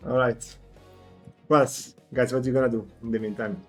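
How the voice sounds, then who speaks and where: A man's voice: medium pitch, fairly even intonation, normal speed. Man, game master narrating a tabletop game, casual with fillers, faint music behind.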